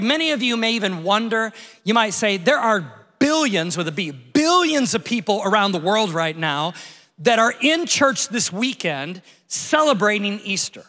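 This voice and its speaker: Bright-voiced pastor preaching in a hall. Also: male voice, very high voice. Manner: lively, conversational, jokey. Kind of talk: Easter sermon with storytelling. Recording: long hall reverb.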